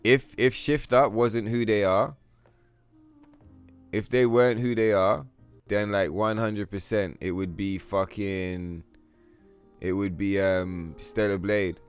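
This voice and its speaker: A man's voice: on the low side, steady tone, takes it slowly, long pauses, clean tone. A young man hosting a gaming livestream, chatting casually with viewers in a profane, rambling way full of fillers. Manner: reads chat aloud and answers viewers. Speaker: livestream host. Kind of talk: casual gaming stream chat. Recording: faint music behind the voice.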